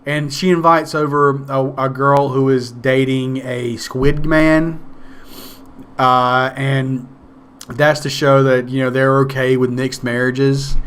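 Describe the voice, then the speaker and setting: A man's voice: medium pitch, little pitch movement, a little slow, fairly bright tone, clean tone. Rambling sarcastic man recapping a movie. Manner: rambling, sarcastic, swears casually. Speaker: movie reviewer.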